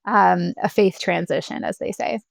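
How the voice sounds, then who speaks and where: A woman's voice: on the low side, steady tone, normal speed, vocal fry, no echo. A young woman guest in a casual interview, chatty, laughing often and filling her talk with "like" and "you know.". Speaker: podcast guest.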